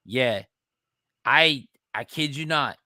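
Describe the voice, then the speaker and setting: A man's voice: mid-range voice, slow pace, bright, forceful tone, no room sound, studio quality. A man co-hosting a podcast, telling stories in a laid-back casual chat. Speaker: podcast co-host.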